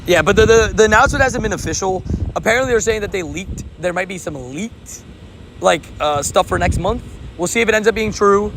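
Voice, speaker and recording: A man's voice: sits high, brisk. A young adult man live-streaming a mobile game outdoors, chatting upbeat and reading viewer comments aloud. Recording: outdoor wind noise on mic.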